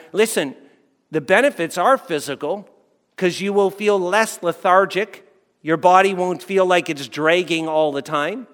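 A male pastor preaching in a loose, conversational way, repeating himself and checking in with the crowd. His voice sits high for a man. A long reverb trails each phrase around the hall. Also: a bit bright. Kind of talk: sermon.

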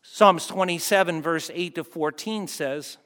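Fervent high-voiced preacher in reverberant hall. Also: male voice, measured pace. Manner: swings from loud fervent peaks to hushed soft passages. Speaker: pastor. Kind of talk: sermon.

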